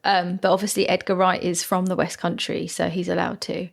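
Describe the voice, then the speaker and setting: A woman's voice: on the low side, little pitch movement, fairly quick, vocal fry. A young woman co-hosting a podcast, chatting casually about films with teasing, playful asides. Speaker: podcast co-host. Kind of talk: casual film chat.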